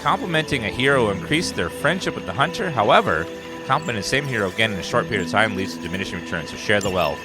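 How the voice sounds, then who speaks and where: A man casually commenting on gameplay, reading game text aloud and swearing when excited. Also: fairly low pitch, rapid-fire. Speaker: gaming streamer. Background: game music and sounds.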